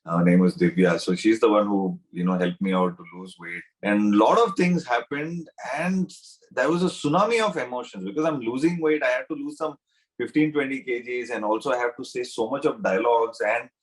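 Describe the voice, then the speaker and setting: A man's voice: mid-range voice, a little fast. A middle-aged man with a South Indian English accent, answering interview questions in a rambling way with many fillers and restarts. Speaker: interviewed actor.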